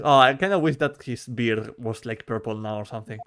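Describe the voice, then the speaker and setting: A man's voice: mid-range voice, fairly quick, few pauses, fairly bright tone, smooth. A man streaming a game, chatting casually with self-deprecating asides between readings. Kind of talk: casual let's-play commentary.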